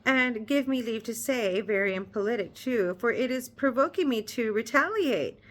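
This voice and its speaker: A bright-spirited young lady of the gentry, arch and teasing, voiced by a woman reading a classic novel aloud. She speaks in a light, slightly raised, playful tone. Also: a little high, animated, normal speed, natural voice.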